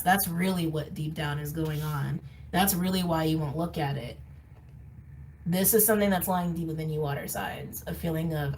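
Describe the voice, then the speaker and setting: A woman's voice: fairly low pitch, distant mic, background noise. A woman giving a casual tarot card reading, candid and emphatic, often laughing and repeating phrases for emphasis. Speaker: tarot reader. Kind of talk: casual intuitive reading to camera.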